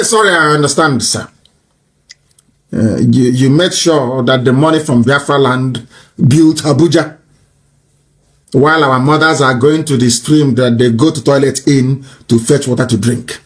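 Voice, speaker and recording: A man delivering an impassioned, mocking political tirade that rises to shouts. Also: mid-range voice, unhurried. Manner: mocking, scornful, rising to shouts.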